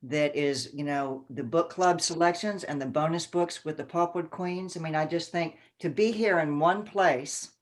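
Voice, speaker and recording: Low-pitched woman presenter, effusive, video call. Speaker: event presenter. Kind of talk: announcing book selections.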